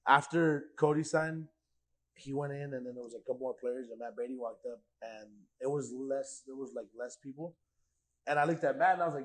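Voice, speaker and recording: A man's voice: medium pitch, a little fast, rough recording. A man guest on a podcast telling a story casually, acting out quoted dialogue with lots of fillers and the odd swear. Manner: animated, acts out quoted dialogue, swears freely, heavy filler "like".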